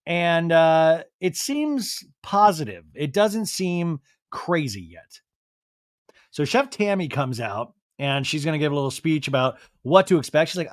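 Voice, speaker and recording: A man hosting a podcast who recaps a reality show in a chatty, animated way and often mimics the people he quotes. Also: a little high, unhurried, no echo, clean studio sound. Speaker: podcast host.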